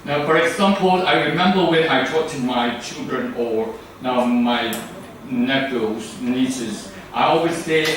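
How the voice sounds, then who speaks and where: Speaking in a medium pitch, this Thai club speaker takes his time and pauses little, his accented speech wandering through fillers and false starts. The recording comes from a distance in a heavily reverberant room, with a faint layer of noise.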